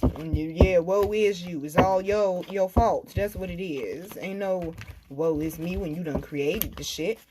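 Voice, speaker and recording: A woman giving a tarot reading in a casual, blunt and profane way, telling animated stories and speaking. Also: on the low side, unhurried, very noisy. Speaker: tarot reader.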